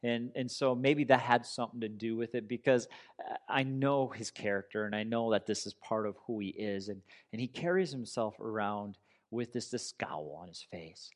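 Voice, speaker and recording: A man's voice: lowish voice, normal speed. A man preaching a sermon in an earnest, conversational way, telling a personal story. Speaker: pastor.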